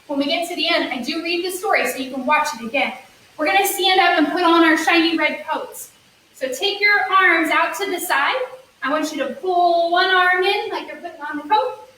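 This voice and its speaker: Woman, kids' yoga teacher, bright tense voice, sing-song, encouraging, faint hiss, echoey room. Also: very high voice, far from the mic. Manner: sing-song, encouraging, playful sound effects. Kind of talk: storytelling yoga class for kids.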